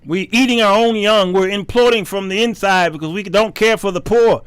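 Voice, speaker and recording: High-voiced colloquial preaching man. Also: moderate pace, a bit bright, clean tone, no room sound. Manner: emphatic, colloquial, repeats words. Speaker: talk show host teaching the Bible. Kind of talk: Bible teaching sermon.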